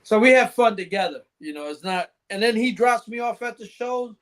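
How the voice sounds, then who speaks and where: High-voiced man telling profane stories. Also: expressive, a little fast, a bit bright. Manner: profane, laughing, rambling anecdotes. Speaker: podcast guest. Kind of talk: casual storytelling chat.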